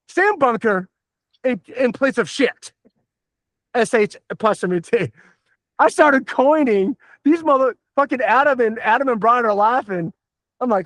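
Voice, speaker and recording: Podcast host, middle-aged man, high voice, dry close sound, rambling and profane. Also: lively intonation, moderate pace, fairly bright tone, no room sound. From Southern United States. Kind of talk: casual podcast chat.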